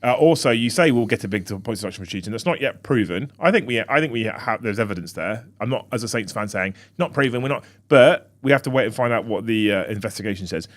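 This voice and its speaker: A man co-hosting a football fan podcast in casual chat, reading out viewer comments with quick asides. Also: lowish voice, expressive. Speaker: podcast co-host. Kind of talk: casual live-stream chat.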